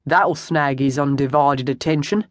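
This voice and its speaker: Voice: mid-range voice, unhurried, no echo, natural voice. Narrator doing a sardonic old rogue. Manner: sardonic, dry wit. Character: rough older male ex-lawman turned hired thug.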